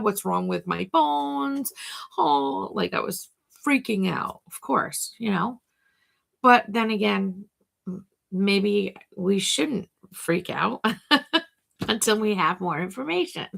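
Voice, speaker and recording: A woman's voice: on the low side, vocal fry, pushed and bright. A middle-aged woman hosting a casual talk to camera, chatty and thinking aloud, talking to herself by name. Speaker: host.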